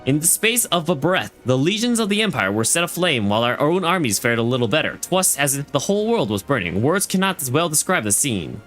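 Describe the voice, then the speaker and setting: A stern, war-weary fleet admiral recounts an old battle, read aloud by a man in his own bright, fairly high voice. The reading rises and falls a lot and often trips over names and lines, with faint music playing behind. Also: big pitch swings, brisk, few pauses. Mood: solemn. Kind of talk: reading game dialogue aloud.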